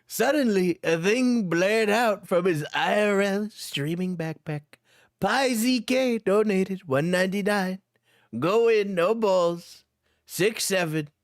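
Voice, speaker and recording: A man's voice: sits high, takes it slowly, no room sound, clean studio sound. A young man, a streamer, reading fanfiction aloud for laughs and often cracking up. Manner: amused, often breaking into laughter.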